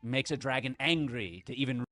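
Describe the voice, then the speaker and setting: A man's voice: medium pitch, moderate pace, bright, forceful tone, no echo, studio quality, soft background music, lightly acted. A man voicing a pompous, self-declared woke male dragon VTuber in a put-on British accent, with a theatrical, lilting delivery. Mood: disdainful. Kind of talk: clip of a VTuber stream.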